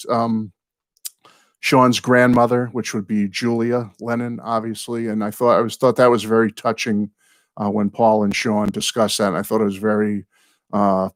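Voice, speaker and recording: A man's voice: on the low side, gravelly, no echo. Rambling older man chatting with viewers. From United States. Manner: apologetic, warm toward viewers. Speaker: host. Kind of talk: live chat with viewers.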